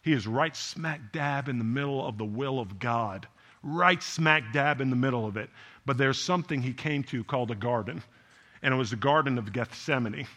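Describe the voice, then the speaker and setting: A man's voice: mid-range voice, moderate pace, a bit bright. A man preaching a sermon in a conversational way, often tossing rhetorical questions to the congregation. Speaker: pastor.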